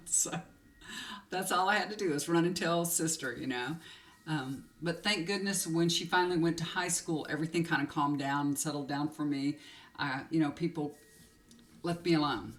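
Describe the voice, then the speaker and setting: A woman's voice: low-pitched, normal speed. Tearful woman telling a personal story. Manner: emotional, confiding, rambling with many fillers. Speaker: tarot reader.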